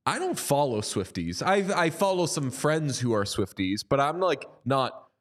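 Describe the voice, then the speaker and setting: A man's voice: medium pitch, very animated. A man co-hosting a sports podcast, chatting casually in a wry, rambling way. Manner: wry, rambling, quick to joke. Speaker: podcast co-host.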